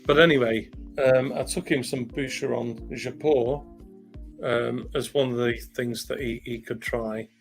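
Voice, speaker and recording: A man's voice: medium pitch, steady tone, a little slow, vocal fry, soft background music, poor audio. A middle-aged man chatting casually as a co-host, blunt and frank, hesitating with uhs. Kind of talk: casual chat.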